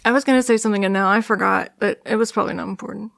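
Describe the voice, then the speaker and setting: A woman's voice: mid-range voice, steady tone, racing, gravelly, very noisy. A woman co-hosting a podcast, rambling and giggling in casual chat, often restarting her sentences. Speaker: podcast co-host.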